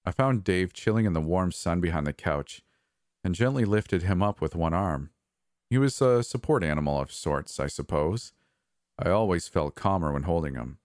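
Man, horror story narrator, somber, measured, very low voice. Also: animated, darkish tone, no echo, studio quality.

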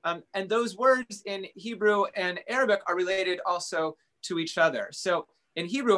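A man who gives interfaith talks, explaining in a thoughtful conversational way and pausing to find his words. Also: high voice, bright, forceful tone. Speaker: interfaith speaker.

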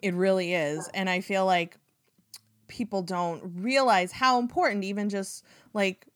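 A woman's voice: medium pitch, steady tone, measured pace, a bit bright, smooth, no echo. A woman interviewing a guest, asking questions and reflecting back what she hears in an affirming way. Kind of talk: casual interview talk.

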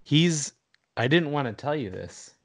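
Dry-sounding man giving quick replies. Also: a little high, animated, dry recording. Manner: short agreeing interjections. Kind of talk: casual chat, brief reactions.

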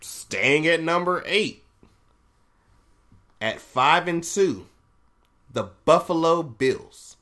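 Guy reading out rankings slow and easy, bright tone, pitch jumping all over. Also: animated. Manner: reads list out, laughs and swears at results. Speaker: podcast host. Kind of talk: casual sports rankings rundown.

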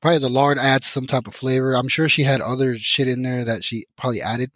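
A man's voice: mid-range voice, quick pace, no echo. Profane Mexican-born man, lo-fi sound. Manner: profane, rambling, animated retelling with many restarts. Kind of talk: casual storytelling. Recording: dull lo-fi podcast audio.

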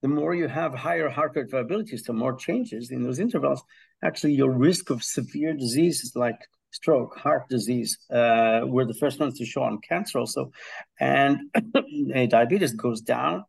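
A man's voice: medium pitch, moderate pace, gravelly, husky. A man from Israel, a health psychology professor, explaining his research as a podcast guest with enthusiasm, analogies and frequent hesitations. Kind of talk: conversational explanation.

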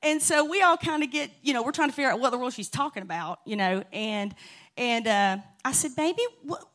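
A woman's voice: fairly high pitch, brisk. A woman telling funny stories to a church congregation in a chatty, laughing way. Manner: chatty and warm-hearted, laughing often. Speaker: church speaker. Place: church sanctuary.

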